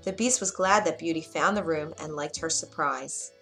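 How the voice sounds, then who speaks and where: A woman narrating a children's storybook in a clear, measured read-aloud manner. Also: low voice, a bit bright, soft background music.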